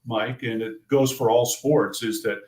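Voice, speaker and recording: An older sports play-by-play broadcaster gives casual interview answers in a measured, thoughtful way, often restarting his phrases. His voice is mid-range and darkish with fairly even intonation, and the recording has a roomy echo.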